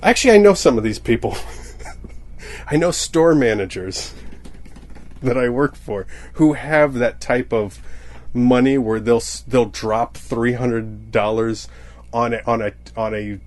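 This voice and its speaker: A man's voice: mid-range voice, a little slow, a little mellow. A young man rambling through a comedic monologue, often cutting himself off and laughing at his own jokes. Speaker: comedian podcaster.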